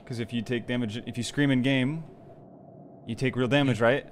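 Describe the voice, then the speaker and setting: A man's voice: mid-range voice, steady tone, normal speed, a little hiss or hum. A young man hosting a gaming video, taking charge of his friends in casual banter. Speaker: channel host.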